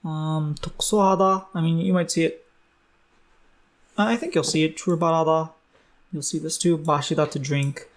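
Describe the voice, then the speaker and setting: A young man talks through a language lesson as though studying out loud, stopping to correct himself and filling gaps with ums. His voice sits a little on the high side and stays relaxed and conversational. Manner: thinks aloud, many fillers and self-corrections. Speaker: Korean language tutor. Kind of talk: casual self-study lesson.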